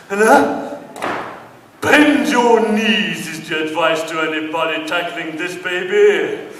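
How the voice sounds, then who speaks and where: A man's voice: high voice, a bit bright, a little hiss or hum. A man from Britain performing a stand-up comedy monologue on a theatre stage, telling his story with mock indignation. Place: theatre stage before an audience. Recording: distant, echoey hall with long reverb.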